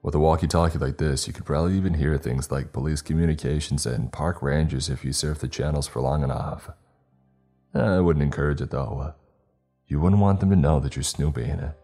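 A man's voice: a bass voice, a little fast, warm tone, soft background music. A man doing an easygoing male family friend.

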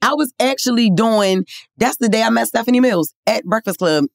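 A woman, telling a story in animated, slangy casual chat, often laughing as she talks. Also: a little high, moderate pace, gravelly, no room sound, studio quality. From Baltimore. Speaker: podcast co-host.

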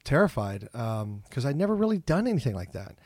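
Animated middle-aged man telling stories. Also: medium pitch, a little fast, no echo. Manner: animated storyteller, acts out his own inner voice. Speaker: comedian and actor guest. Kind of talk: casual interview storytelling. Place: office.

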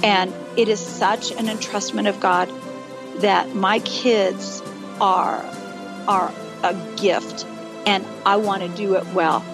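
A woman guest author talks in an earnest, animated way. Clear music plays under her voice. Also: mid-range voice, slow. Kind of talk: interview, testimony.

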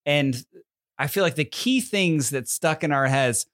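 A man's voice: fairly high pitch, lively intonation, unhurried, fairly bright tone, no room sound, studio quality. A man in his thirties co-hosting a podcast, chiming in with jokes in casual chat. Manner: easygoing, joking, chimes in. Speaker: podcast co-host.

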